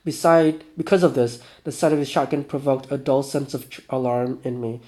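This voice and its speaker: A man's voice: mid-range voice, steady tone, a little fast, mellow. A man playing a survival game, reading its story text aloud with casual asides and frequent self-corrections. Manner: casual, stumbling over words and self-correcting. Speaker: gaming YouTuber.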